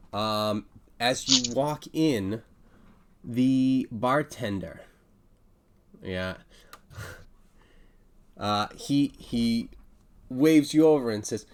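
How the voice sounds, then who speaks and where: A man narrating as game master of a tabletop game, hesitant with many fillers. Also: medium pitch.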